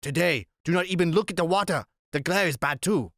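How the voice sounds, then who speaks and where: A man voicing a calm, protective old West Indian seaman in an audiobook reading. He speaks in a gentle, steady dialect. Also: fairly high pitch, brisk, no room sound, studio quality, pitched above the performer's own voice. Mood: warning.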